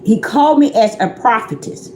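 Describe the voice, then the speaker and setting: A woman's voice: on the high side, expressive, normal speed, slight background noise. Woman preaching casually in an echoey room. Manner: conversational, repetitive, addresses listeners directly. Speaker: self-described prophetess preaching. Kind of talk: informal livestream sermon.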